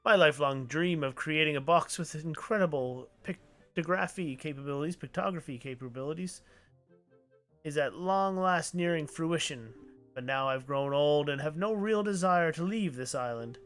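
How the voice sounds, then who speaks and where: A man's voice: a little high, normal speed, fairly bright tone, faint music behind, close to an everyday voice. A man voicing a fussy old male inventor of picture boxes, speaking in formal, flowery old-fashioned phrases. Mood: grandiose.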